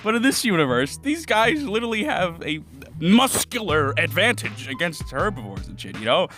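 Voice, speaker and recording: A man's voice: high-pitched, big pitch swings, moderate pace, sharp tone. A young man giving a casual, profane, rambling reaction commentary on a show, swearing a lot and laughing often. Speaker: anime reviewer. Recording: faint music behind.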